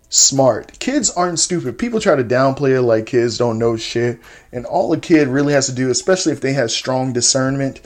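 A man in his thirties hosting a casual solo podcast, talking bluntly and profanely, his voice jumping up sharply when he stresses a point. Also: mid-range voice. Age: 30s. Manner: voice jumps up sharply for emphasis. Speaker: podcast host.

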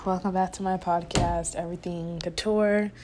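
A woman's voice: on the low side, steady tone, normal speed, background noise. A woman hosting her own podcast in casual solo talk, rambling and repeating herself, recorded without a proper microphone. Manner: rambling and repetitive, with many fillers and restarts. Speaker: podcast host. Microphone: no proper microphone yet, a basic built-in mic.

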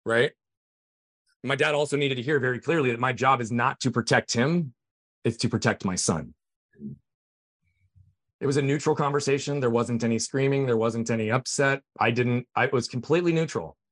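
A middle-aged man telling a family story as a podcast guest, earnest and emphatic. His voice sits at an ordinary pitch for a man. The sound is dry and close, with no room echo. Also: normal speed, long pauses, a bit bright. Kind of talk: personal storytelling in conversation.

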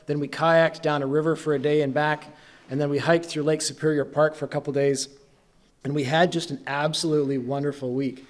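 A man's voice: a little high, little pitch movement, fairly quick. Man preaching a chatty storytelling sermon. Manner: conversational storytelling with self-deprecating humor. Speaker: pastor.

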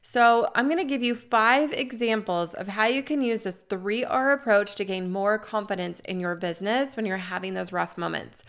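A woman's voice: mid-range voice, a bit bright. Earnest woman coaching her listeners. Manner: earnest, encouraging, slows down to stress key words. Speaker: podcast host.

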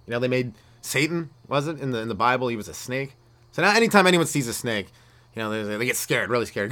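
A man hosting his own comedy podcast, riffing through old jokes in a rambling solo set, with a lot of "right?" asides, laughing at his own lines and jumping into loud put-on voices for the bits. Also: mid-range voice, expressive, fast talker.

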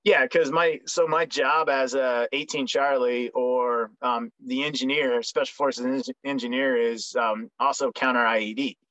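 A man's voice: medium pitch, fairly even intonation, measured pace, hardly any pauses, a bit bright, no room sound. A young man, a military veteran guest, telling his story in a frank, joking way with many ums and restarts. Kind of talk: casual storytelling interview. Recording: dry, slightly dull recording.

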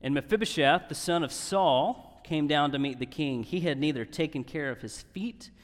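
A man's voice: on the high side, normal speed. A man preaching a sermon in earnest tones, often checking in with "right?". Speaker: pastor. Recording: reverberant hall.

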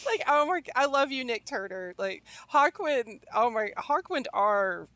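An excitable woman telling rock anecdotes with a high, bright pitch, often laughing and filling her talk with "like". The sound is dry and close, with no room echo. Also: a little slow. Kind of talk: casual chat about rock music.

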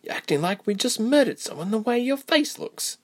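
A man voicing a blunt, fiery young woman traveler who talks gruffly and matter-of-factly. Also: high voice, sing-song, moderate pace, pitched above the performer's own voice. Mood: muttering. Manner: gruff, teasing, matter-of-fact.

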